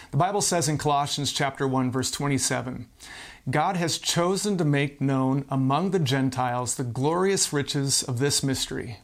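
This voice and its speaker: Man preaching, fairly high voice. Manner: earnest, explanatory preaching. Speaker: pastor. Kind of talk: podcast sermon with scripture reading.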